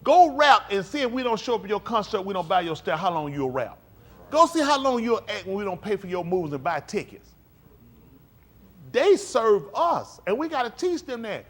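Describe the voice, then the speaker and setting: A man's voice: sits high, moderate pace. A man preaching a live-streamed sermon in an emphatic, conversational style, drawing call-and-response from his congregation. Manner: animated, swings between quiet and loud.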